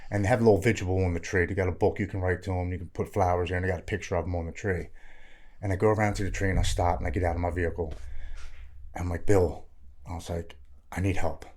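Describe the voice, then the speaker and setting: Deep-voiced man. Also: steady tone, racing, darkish tone. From Maryland. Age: 40s. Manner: earnest, frank, plain-spoken. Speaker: guest sharing his recovery story. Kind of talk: candid personal storytelling.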